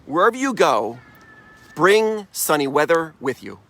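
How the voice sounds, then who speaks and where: A middle-aged man delivering an upbeat motivational talk. His voice sits a little high for a man, and he speaks with emphatic energy and frequent laughs. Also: very animated, a little slow, pushed and bright.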